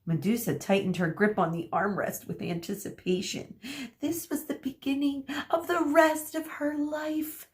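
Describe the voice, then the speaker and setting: Slow, expressive woman teacher reading aloud. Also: high voice. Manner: slow, expressive, addresses children directly. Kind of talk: reading a chapter book aloud to a class.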